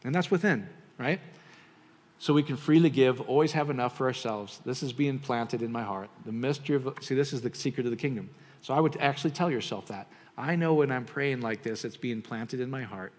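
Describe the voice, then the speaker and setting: A man preaching a sermon, joking and animated at times, then softer and prayerful. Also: mid-range voice, a little fast. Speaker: pastor. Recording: reverberant hall.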